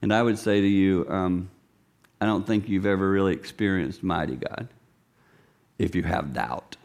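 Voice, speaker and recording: Man preaching, loud then whispering. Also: low-pitched, normal speed. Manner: animated, swings from loud to hushed whispers, acts out voices. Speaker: pastor. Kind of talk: sermon.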